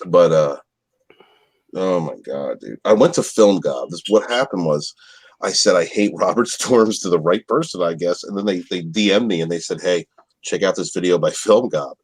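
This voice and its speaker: A man's voice: low voice, moderate pace, slightly rough, no echo. A man chatting casually on a podcast, rambling and crude, stumbling over his words and laughing often. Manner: crude, rambling, stammers and restarts, laughs a lot. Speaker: guest on a podcast.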